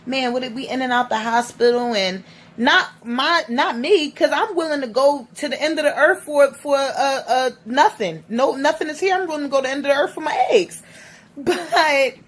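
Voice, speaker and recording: A woman's voice: high-pitched, normal speed. A woman in her thirties speaking in a casual personal vlog, teary and rambling, with many restarts. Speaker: vlogger.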